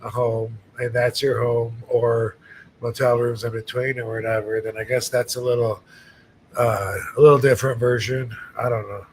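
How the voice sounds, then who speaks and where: A middle-aged man tells stories at a loose, rambling pace, stopping and restarting often. His voice sits at an ordinary pitch, with a faint low rumble in the background. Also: flat delivery, normal speed, poor audio. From Michigan, United States. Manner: rambling storyteller with many fillers and restarts. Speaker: podcast host. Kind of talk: casual chat.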